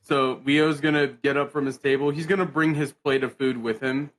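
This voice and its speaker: A man's voice: medium pitch, fairly even intonation, normal speed, a bit bright, poor audio. Man player narrating his move. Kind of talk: casual tabletop play.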